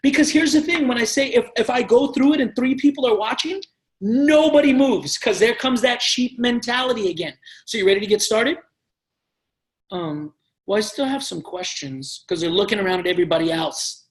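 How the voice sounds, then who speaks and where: In an energetic training session for a sales team, this man speaks forcefully and passionately while role-playing sales exchanges. He has a very high voice and a brisk pace.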